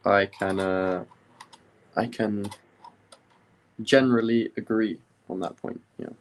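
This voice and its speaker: Relaxed young British man streaming. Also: lowish voice, slow. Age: young adult. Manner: relaxed, rambling, many ums. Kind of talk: casual live-stream chat.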